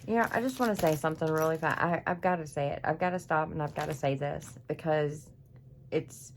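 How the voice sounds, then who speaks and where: A woman's voice: low voice, fairly quick, heavy background noise. A woman chatting in her home craft room, gushing and emotional as she unboxes craft supplies for viewers. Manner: gushing, emotional, chatty, says y'all a lot. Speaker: craft YouTuber. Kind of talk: casual craft unboxing vlog.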